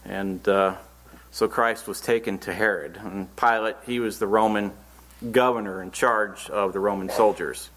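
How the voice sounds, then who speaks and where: A man's voice: lowish voice, steady tone, moderate pace, a bit bright. A man preaching a Bible-teaching sermon, reading scripture verses aloud and then explaining them in earnest, plain words.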